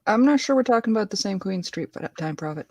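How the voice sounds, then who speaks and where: A woman's voice: medium pitch, expressive, quick pace, a little mellow, no echo. A woman hosting a livestream, chatting easygoingly with guests on a video call and laughing often. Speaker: stream host. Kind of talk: casual group chat on a livestream.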